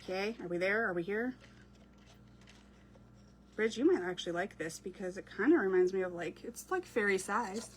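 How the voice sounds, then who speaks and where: A woman's voice: medium pitch, expressive, normal speed, long pauses, a little hiss or hum. Chatty woman crafting live. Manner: chatty, reads out and answers viewer comments while working. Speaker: craft creator. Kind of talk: casual crafting livestream chat.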